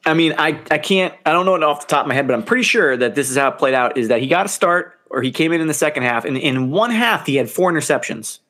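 A man co-hosting a sports podcast in casual, animated chat, laughing often and swearing now and then. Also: a little high, quick pace, few pauses. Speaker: podcast co-host.

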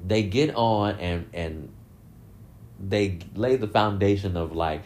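A man with a somewhat low voice riffing in casual commentary. He laughs often, swears freely and swings his voice up in animated bursts. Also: normal speed, a little hiss or hum. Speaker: commentary vlogger.

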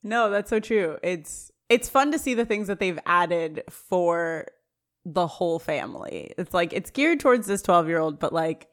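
A woman's voice: fairly low pitch, animated, a little slow. A woman co-hosting a podcast, casually retelling TV scenes and quoting the characters' lines, often laughing. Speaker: podcast co-host. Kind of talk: casual recap chat.

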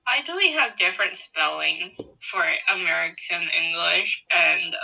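Young woman co-host, bright edgy voice, unhurried, playful musing. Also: fairly low pitch, very animated, creaky, rough recording. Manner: playful, muses aloud with puzzled questions. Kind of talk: casual chat.

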